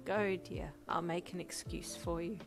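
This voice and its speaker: Woman doing an old grandma, slow, soft, sing-song, wry, audiobook fanfic, music behind. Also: lowish voice, steady tone, creaky. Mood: fond.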